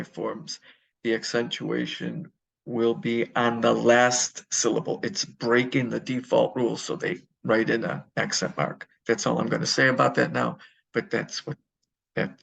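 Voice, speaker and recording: A man's voice: mid-range voice, flat delivery, normal speed, creaky, a bit bright, breathy edge, low-quality recording. A man teaching a Spanish grammar lesson, explaining step by step and answering his own questions.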